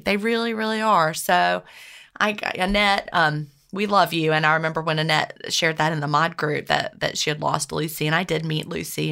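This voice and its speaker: A woman's voice: medium pitch, gravelly. A woman co-hosting a podcast, chatting casually with many restarts and fillers. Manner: warm, chatty, lots of restarts. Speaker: podcast co-host.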